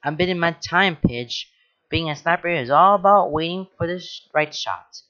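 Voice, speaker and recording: A man's voice: on the high side, moderate pace, sharp tone, voice pushed up. A man voicing a joking teen boy who teases his friends but is anxious underneath, with wry banter. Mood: cocky. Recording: dull lo-fi recording.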